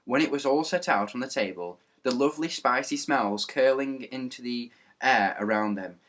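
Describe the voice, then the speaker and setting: A man reading a children's book aloud with lively narration and character voices. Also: medium pitch, normal speed. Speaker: reader.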